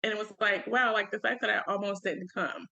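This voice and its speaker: A woman's voice: mid-range voice, fairly even intonation, brisk, gravelly, bright, forceful tone. A young woman co-hosting a casual podcast chat, earnest and emphatic, with casual slang. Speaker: podcast co-host.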